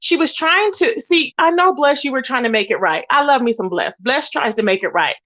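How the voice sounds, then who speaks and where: Woman, livestream host, heated rant, indignant, emphatic, slightly high voice. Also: lively intonation, fairly quick, a bit bright. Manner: indignant, emphatic, talks to chat viewers.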